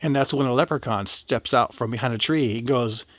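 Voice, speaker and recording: A man's voice: mid-range voice, fairly quick, hardly any pauses, no room sound, highs cut off. A man telling a story aloud in a casual, rambling, slangy way.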